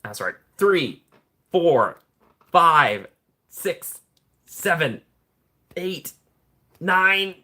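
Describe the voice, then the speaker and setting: A man hosting a casual live stream, reading viewer comments in a playful, jokey way, often laughing and jumping up in pitch when excited. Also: very slow, pauses often.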